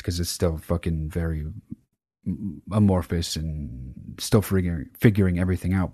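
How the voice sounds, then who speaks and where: Excitable, profane man, dry sound. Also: fairly low pitch, no echo. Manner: profane, excitable storytelling with sudden loud outbursts. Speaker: channel host. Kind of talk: casual monologue to viewers.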